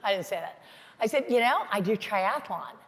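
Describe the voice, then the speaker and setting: A middle-aged American woman telling stories in a lively, chatty motivational conference talk. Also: mid-range voice, moderate pace. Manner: storytelling, animated, chatty with many "like"s. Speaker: keynote speaker. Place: large conference hall. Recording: hall reverb from a stage mic.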